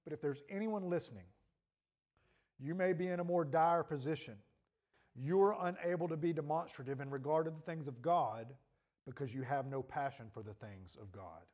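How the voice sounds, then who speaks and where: A man's voice: a little high, moderate pace, darkish tone. A male pastor preaching a sermon earnestly, his voice rising and falling in intensity, with a troubled throat.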